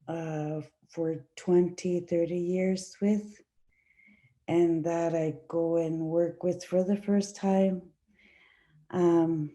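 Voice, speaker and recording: A woman from Igloolik, whose first language is Inuktitut, answers on a discussion panel. She speaks slowly and with a very dark, low timbre, pausing and restarting as she looks for words. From Igloolik, Nunavut. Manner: slow, searching, many fillers and restarts. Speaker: actress.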